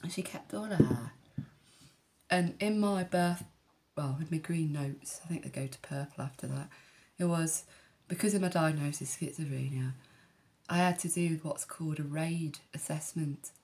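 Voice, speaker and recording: Blunt gravelly-voiced woman. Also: sits low, moderate pace, warm tone. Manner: candid, blunt, swears freely, rambling asides. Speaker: vlogger. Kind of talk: personal storytelling to camera.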